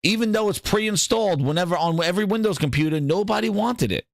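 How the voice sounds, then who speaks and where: High, animated, profane man. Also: fast talker, creaky, no room sound, studio quality. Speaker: host. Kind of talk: comedic gaming podcast rant.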